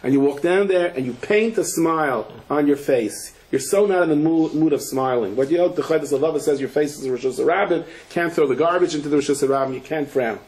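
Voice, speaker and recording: A man, a rabbi, giving a Torah lecture full of stories and Hebrew and Yiddish terms. He tells them with animation and breaks into shouts at the punchlines. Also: on the high side, a little fast, hardly any pauses, a little hiss or hum, poor audio. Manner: sprinkles Yiddish and Hebrew terms, frequent restarts.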